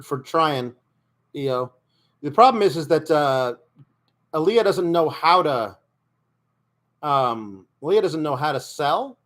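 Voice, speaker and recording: A man streaming live reaction commentary, his voice a touch higher than most. He sounds exasperated and keeps stopping to restart his sentences as he reacts. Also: a bit bright.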